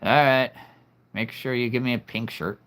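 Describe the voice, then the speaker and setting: A man's voice: mid-range voice, fairly even intonation, moderate pace, a bit bright. Earnest man hosting a livestream. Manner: earnest, heartfelt, reflective. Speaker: livestream host. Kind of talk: live chat with viewers.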